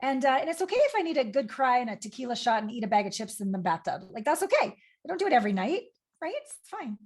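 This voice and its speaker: A woman's voice: a little high, very animated, fast. A woman in casual podcast conversation as a guest, talking openly and expressively and swearing casually. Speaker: guest, intimacy expert.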